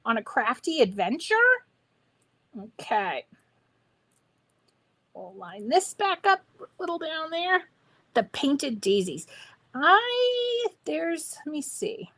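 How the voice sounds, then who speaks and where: A woman with a high, fairly bright voice and big pitch swings speaks slowly, pausing often, while she hosts a live crafting stream. Bubbly and enthusiastic, she chats with viewers as she works through the crafting demo.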